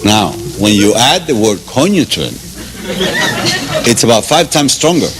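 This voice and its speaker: A man from Cuba with a Cuban accent gives a playful, mock Spanish lesson, chuckling and drilling slow repetitions. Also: medium pitch, big pitch swings, over a noisy crowd. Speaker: teacher. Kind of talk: comic mock language lesson. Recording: loud background noise.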